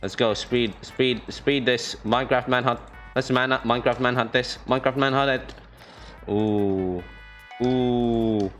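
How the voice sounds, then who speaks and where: A young man streaming a video game, commenting excitedly, trash-talking and repeating phrases. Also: medium pitch, measured pace, soft background music.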